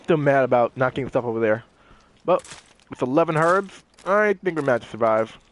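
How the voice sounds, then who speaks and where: A young man giving animated gameplay commentary, talking to the characters on screen as he plays. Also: mid-range voice, a little fast. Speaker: gaming channel host.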